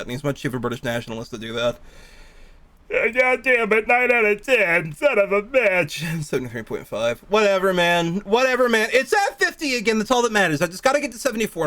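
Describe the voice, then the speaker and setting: A man's voice: on the high side, fairly bright tone, no room sound. A man chatting casually on a live stream while gaming, rambling from thought to thought, laughing often and swearing freely.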